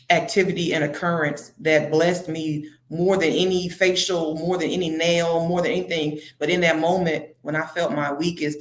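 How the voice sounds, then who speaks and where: An earnest woman on a church panel, reflective and quick in her asides. Her voice sits a bit low and rings in an echoey room.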